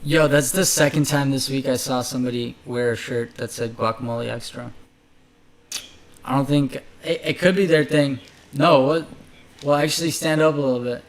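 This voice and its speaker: Male chef host, casual rambling chatter, lots of ums, mid-pitched. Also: normal speed. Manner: loose, rambling, filler-heavy. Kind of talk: casual chat.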